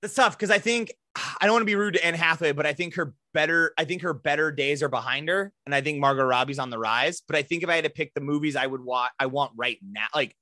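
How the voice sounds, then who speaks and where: A man's voice: on the high side, quick pace, few pauses, pushed and bright, no room sound, clean studio sound. A man in his thirties co-hosting a podcast, joking animatedly and acting out quoted voices in casual banter. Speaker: podcast co-host.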